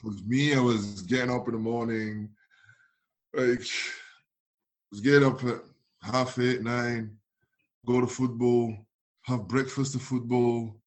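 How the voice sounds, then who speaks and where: A man's voice: mid-range voice, slow, pauses often. Laughing man telling stories. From France. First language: French. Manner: animated storytelling, acts out dialogue, laughs often. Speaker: guest, former footballer. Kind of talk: casual chat.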